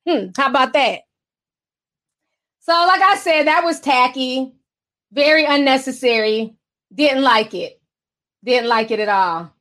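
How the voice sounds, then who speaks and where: A woman hosting a livestream, chatting casually about celebrity gossip and reading viewer comments in a sassy, animated way. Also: high voice, a little slow, pauses often. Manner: sassy, animated, chatty with mocking voiced quotes. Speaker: livestream host reading super chats.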